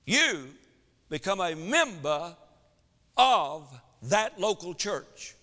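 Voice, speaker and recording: A man preaching a sermon in a church, swinging between loud exhortation and quiet asides. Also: high voice, sing-song, very slow, long reverb tail. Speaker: pastor. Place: church sanctuary.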